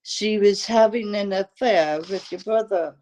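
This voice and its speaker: A woman voicing a creepy anonymous male caller who speaks low and breathy with a clumsy fake accent. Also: expressive, slow pace, darkish tone. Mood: creepy, insinuating. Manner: poorly done vaguely French accent.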